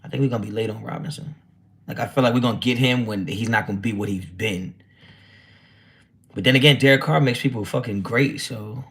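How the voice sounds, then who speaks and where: A man's voice: on the low side, brisk, vocal fry, a bit bright. A man hosting a casual football livestream, talking brashly and with a lot of swearing as he answers his chat. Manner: brash, profane, reads chat aloud. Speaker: livestream host.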